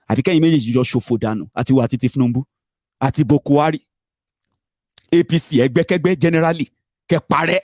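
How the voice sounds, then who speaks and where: A man's voice: medium pitch, quick pace, no room sound, studio quality. Scolding Nigerian Yoruba-accented man. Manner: scolding, mocking, switches between English, Pidgin and Yoruba. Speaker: political commentator and show host. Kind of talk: heated political commentary monologue.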